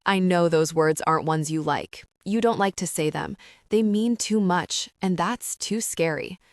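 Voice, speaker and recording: Woman reading a hushed, earnest young man in love, low voice, dry close sound, audiobook. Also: a little slow, no room sound. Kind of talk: audiobook narration.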